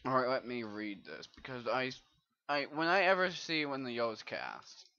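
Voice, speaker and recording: A man's voice: mid-range voice, big pitch swings, normal speed, pushed and bright. Rambling, swearing gamer guy, lo-fi mic. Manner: rambling, swearing, muttering to himself. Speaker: gamer doing a let's play. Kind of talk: casual gameplay commentary. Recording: dull lo-fi mic.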